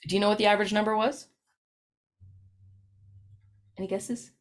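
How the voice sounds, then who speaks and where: A woman giving a professional presentation, talking in a relaxed, anecdotal way and tossing in "right?" to keep listeners with her. Her pitch sits in an ordinary middle range. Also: moderate pace. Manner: chatty, storytelling, frequent "right?" tag questions.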